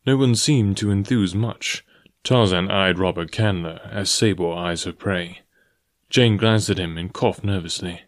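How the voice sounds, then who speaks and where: A man reading a novel aloud as an audiobook narrator, in a steady, even manner. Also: sits low, normal speed, dry recording, clean studio sound. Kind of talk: scripted narration.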